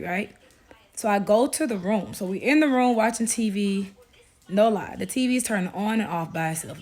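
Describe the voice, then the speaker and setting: A young woman tells her own testimony straight to her viewers in an animated, chatty way. She speaks at an ordinary middle pitch for a woman and keeps insisting she is telling the truth. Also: a little hiss or hum. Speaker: Christian testimony vlogger. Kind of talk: casual spoken testimony to viewers.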